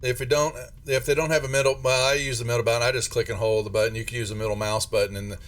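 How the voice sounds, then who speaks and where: A man's voice: medium pitch, flat delivery, rapid-fire. A man narrating a tabletop game as game master, rambling with many restarts. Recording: distant mic with faint music.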